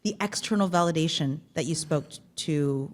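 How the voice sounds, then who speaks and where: Lower-voiced woman podcast host. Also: moderate pace. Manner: affirming, reflective, lots of "mm" backchannels. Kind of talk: conversational interview.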